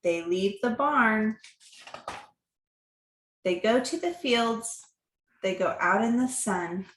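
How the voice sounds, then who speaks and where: A woman reading picture books aloud to a child, slow and animated, with animal sounds. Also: a little high, a little hiss or hum. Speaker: reader to a child. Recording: echoey room.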